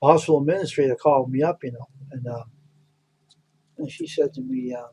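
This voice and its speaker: A man's voice: medium pitch, brisk, dark tone, slight background noise. A man chatting casually on a live stream. He tells blunt, rambling stories and repeats himself. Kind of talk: casual chat.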